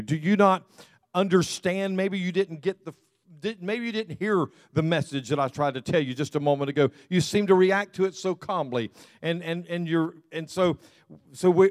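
A male pastor from the American South preaches in an easygoing, conversational way, circling back to repeat his key words. His voice sits fairly high for a man. The recording is dry and close, with little room sound. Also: moderate pace, dry recording. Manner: conversational, repeats phrases, light humor with the congregation. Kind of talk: sermon.

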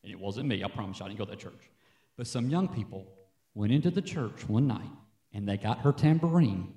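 A man preaching a sermon as pastor from a church stage, an animated, joking storyteller. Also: lowish voice, a little fast, echoey room.

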